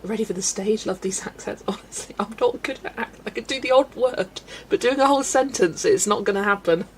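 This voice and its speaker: A woman hosting a relaxed livestream, chatting and laughing with viewers as she greets them by name. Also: a little high, brisk, slight background noise. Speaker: livestream host. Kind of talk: chatty livestream while colouring, reading chat.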